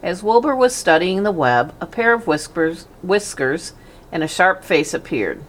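Woman narrator, children's storybook, gentle, slightly low voice. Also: big pitch swings, a little slow. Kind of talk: storybook reading aloud.

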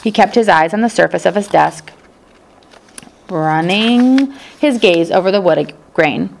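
A woman reading a children's novel aloud as narrator, telling the story in a steady, even way. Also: lowish voice, unhurried, gravelly, a little hiss or hum. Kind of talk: audiobook narration.

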